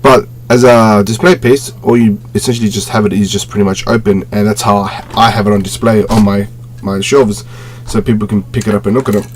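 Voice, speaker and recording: In a home room lined with display shelves, a man casually reviews a collectible on his webcam, rambling with many fillers and self-corrections. His voice is on the low side and steady in tone, he talks fairly quickly, and there's slight background noise.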